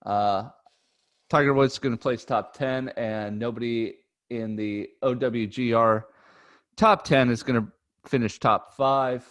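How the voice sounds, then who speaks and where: A man co-hosting a golf podcast, talking in a relaxed, chatty way with frequent ums. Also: mid-range voice, unhurried. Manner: relaxed, chatty, says um often. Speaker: podcast co-host. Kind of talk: casual chat.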